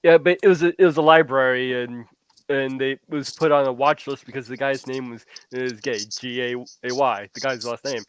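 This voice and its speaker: Smooth-voiced man chiming in. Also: mid-range voice, fairly even intonation, a little fast, no echo. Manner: agreeable, chiming in with short remarks. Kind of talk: casual chat.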